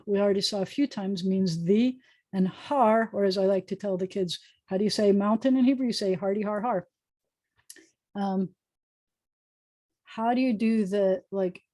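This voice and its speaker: A woman's voice: mid-range voice, darkish tone. Patient woman rabbi teaching online. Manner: patient, explanatory, sounding out syllables. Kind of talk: online class lesson. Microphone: video call.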